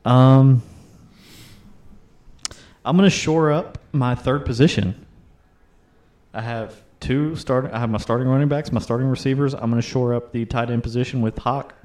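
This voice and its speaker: A man's voice: mid-range voice, fairly even intonation, normal speed, pauses often, darkish tone. Guy hosting a fantasy football mock draft, teasing, bossy, talks over people. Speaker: podcast co-host running the mock draft. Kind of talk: casual fantasy football chat.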